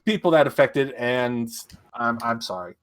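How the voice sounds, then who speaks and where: A young man co-hosting a casual livestream chat. He talks at a middling pitch, swears freely and gets heated, then backs down and apologizes. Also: lively intonation, measured pace, fairly bright tone. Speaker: podcast co-host.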